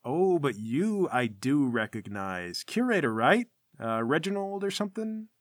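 A man's voice: a little high, big pitch swings, measured pace, no room sound, clean studio sound. A man voicing a brash, fake-jovial male guild armsman who talks down to people in a smug, teasing way.

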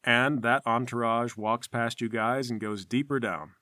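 A man's voice: mid-range voice, steady tone, unhurried, pushed and bright, dry recording, studio quality. A man narrating a tabletop game as game master with vivid, playful scene descriptions.

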